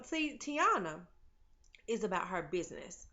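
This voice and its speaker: A woman's voice: medium pitch, normal speed. Chatty woman recapping a TV episode. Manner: animated, chatty, acts out characters' lines. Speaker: TV recap vlogger. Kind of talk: casual TV recap chat. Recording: slightly dull lo-fi audio.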